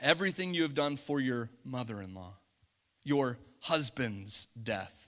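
A male preacher giving an animated sermon, laughing often and acting out scenes. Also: medium pitch, unhurried.

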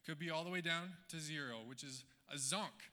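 High bright guy doing over-the-top game show host patter, big echoey hall, music in the back. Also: brisk. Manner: upbeat, exclamatory, playful showman patter. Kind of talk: energetic mock game show hosting. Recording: music playing in a reverberant hall.

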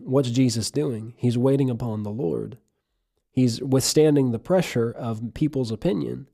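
A man delivering a sermon in an earnest, emphatic way, reading passages of scripture aloud between his own points. His voice is mellow and dark in tone, sitting at a middle pitch. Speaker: preacher.

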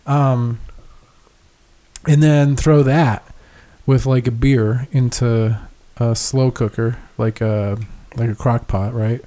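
A young man chats loosely on a podcast, rambling through a story with swearing and frequent laughter. His voice is mellow and relaxed, sitting in a middle pitch. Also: takes it slowly. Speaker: podcast co-host. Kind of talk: casual chat.

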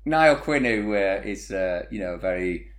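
A man co-hosting a casual chat, measured and reflective, laughing easily. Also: low-pitched, lively intonation. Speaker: podcast co-host.

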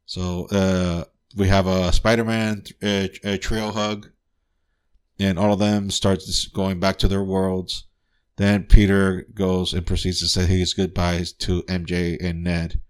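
Excitable, low-voiced man recapping a film. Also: clean tone. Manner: excitable, profane, keeps asking "guess what?". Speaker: podcast host. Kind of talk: casual spoiler-filled movie review.

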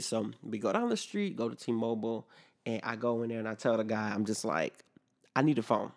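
A young man tells a story on his podcast in a loose, swearing rant, playing out every exchange as he goes. His voice has a gravelly edge and sits at an ordinary pitch for a man. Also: quick pace. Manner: animated, profane, acts out both sides of conversations. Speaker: podcast host.

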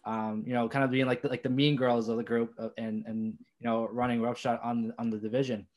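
A man's voice: mid-range voice, level tone, a little fast, a little mellow. A young man hosting an interview, asking long, hesitant questions full of fillers. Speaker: podcast host.

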